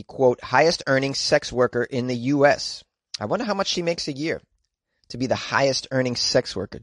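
A male comedian reads odd news stories and keeps breaking off to mock the wording. His voice sits at a middling pitch, and the recording is dry and close with no room sound. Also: a bit bright, dry recording. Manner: wry, sarcastic asides. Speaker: comedian podcast host.

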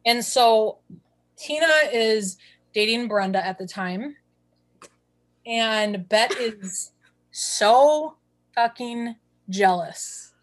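A woman's voice: fairly high pitch, lively intonation, extremely slow, long pauses. A woman from southeastern Wisconsin, co-hosting a podcast in chatty, enthusiastic casual talk. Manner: chatty, enthusiastic, repeats words for emphasis. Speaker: podcast co-host. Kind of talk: casual chat.

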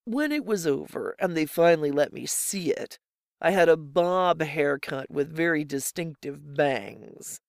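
A narrator reading a first-person story at a steady, measured pace, pitched in a middle range. The mic is close and the sound is very dry, with no room echo. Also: creaky. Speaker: audiobook narrator.

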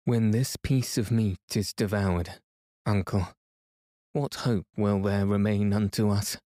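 A man's voice: on the low side, steady tone, slow, mellow, no room sound, studio quality. A man reading the lines of an anxious, despairing young nephew, pleading and exasperated.

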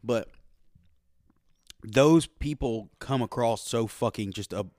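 Blunt, swearing man at a mid pitch. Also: slow, a little mellow, no room sound, studio quality. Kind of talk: casual late-night chat.

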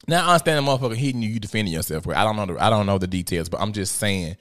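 Talking very fast, this Memphis, Tennessee man hosts a podcast full of casual, profane chat, his animated storytelling punctuated by abrupt high-pitched outbursts.

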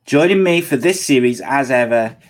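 A man's voice: medium pitch, animated, normal speed. A man with a Welsh accent hosting a podcast, rambling and joking playfully. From Wales. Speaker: podcast host.

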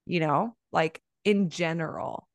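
A woman's voice: sits low, slow, no echo, clean studio sound. Earnest woman hosting a casual podcast. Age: 30s. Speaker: podcast host. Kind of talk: casual chat.

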